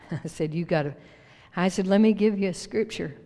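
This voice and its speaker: A woman's voice: fairly low pitch, normal speed, mellow. A woman pastor preaching a folksy sermon to her congregation, laughing often and leading them in call-and-response. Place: church sanctuary. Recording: long hall reverb.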